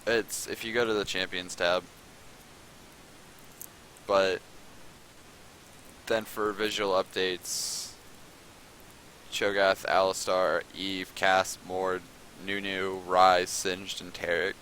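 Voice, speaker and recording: A man hosting casual commentary on a video game match, chatting and rambling in a relaxed way. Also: low voice, slow, long pauses, a little hiss or hum, poor audio. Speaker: esports caster.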